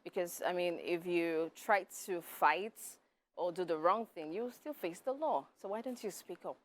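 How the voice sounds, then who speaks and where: Soft-spoken woman, low voice. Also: normal speed. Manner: soft-spoken, hesitant with fillers. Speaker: filmmaker and advocate guest. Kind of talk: TV interview. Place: TV studio.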